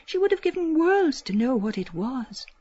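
A woman narrating a literary audiobook in an expressive, lilting storytelling manner, dropping to a hush at times. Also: sits high, moderate pace, breathy edge, no room sound, dull audio. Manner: expressive, lilting storytelling with soft hushed passages.

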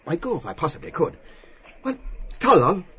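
An actor playing a chatty middle-aged man who talks fast and a bit pushily. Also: fairly high pitch, very animated, a bit bright, husky, heavily acted. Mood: eager chat. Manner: quick, eager, slightly pushy small talk. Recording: dull lo-fi radio drama recording.

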